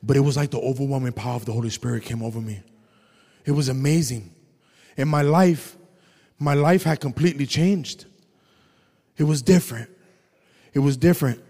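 Telling his own story in a testimony sermon, a man preaches animatedly and shouts at the climaxes. He speaks at normal speed with long pauses, and the sound suggests a big room.

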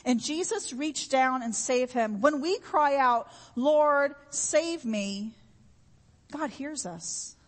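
A woman's voice: high-pitched, lively intonation, unhurried, hardly any pauses, fairly bright tone, in a large hall. A woman preaching a sermon in an earnest, repetitive way, with homey everyday examples.

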